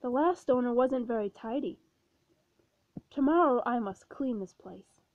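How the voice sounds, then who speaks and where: A woman voicing a calm, cheerful male panther who stays polite and unbothered. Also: a little high, unhurried, dry recording. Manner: unflappable and polite. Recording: dull, dry recording.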